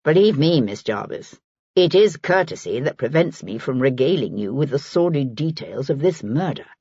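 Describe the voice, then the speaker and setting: A proud, indignant young gentlewoman with a haughty, insistent delivery, as a woman narrator plays her. Her speech moves lively and husky. The recording is dry and dull. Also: extremely low pitch, normal speed, no room sound, exaggerated voice.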